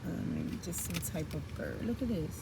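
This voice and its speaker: A woman's voice: fairly low pitch, moderate pace, very noisy. A woman giving a casual tarot reading, chatty and blunt, with frank slang and the odd swear. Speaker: tarot reader.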